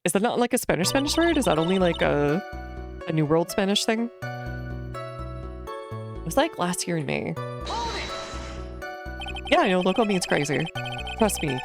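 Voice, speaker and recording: A woman's voice: low-pitched, gravelly. A woman from New Jersey chatting casually while streaming a game, rambling with lots of "like" and "uh". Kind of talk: casual gaming commentary. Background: game music.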